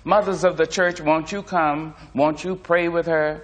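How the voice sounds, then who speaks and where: A booming, fervent church preacher, as a male reader puts him on, drawing out each phrase in a slow, rising cadence and pitched a little above the reader's own voice. It is a storybook reading. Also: steady tone, fairly bright tone, highs cut off. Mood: proclaiming.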